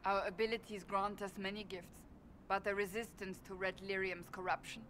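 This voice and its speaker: A woman reading as a stern warrior lady, grave and blunt, mid pitch, bit of hiss behind. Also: fairly even intonation, normal speed, a bit bright, lightly acted.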